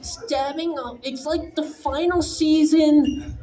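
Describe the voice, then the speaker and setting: A man speaking slowly as he tells a personal story to a live audience. He is animated and swears casually, stumbling through many restarts. His voice rings through an echoey room with a crowd audible. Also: very high-pitched.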